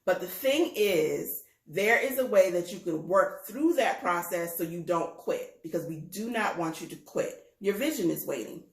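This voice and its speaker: A woman co-hosting a casual talk, calmly explaining a breathing practice step by step. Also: on the low side, normal speed, vocal fry, hardly any pauses, reverberant, rough recording. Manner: calm, instructive, steady. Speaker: co-host. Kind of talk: casual chat on mindfulness.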